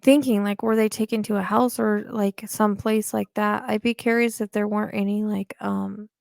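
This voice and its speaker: A woman's voice: medium pitch, little pitch movement, moderate pace, creaky, a little mellow, no echo, clean studio sound. A woman giving a psychic reading in casual, hesitant talk full of fillers and restarts. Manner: hesitant, rambling with many fillers. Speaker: psychic medium.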